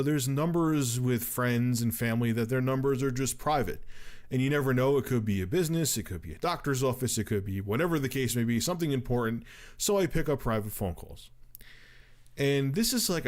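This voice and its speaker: A man in his thirties casually telling a long story on a stream, swearing and acting out quotes. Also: mid-range voice. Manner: profane, animated retelling with acted quotes. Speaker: storyteller on a livestream.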